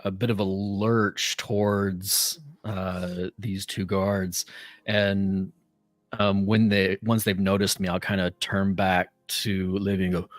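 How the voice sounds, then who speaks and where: A man's voice: lowish voice, dry recording. A man playing a tabletop game, describing his moves hesitantly while thinking aloud. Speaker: player. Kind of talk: casual game talk.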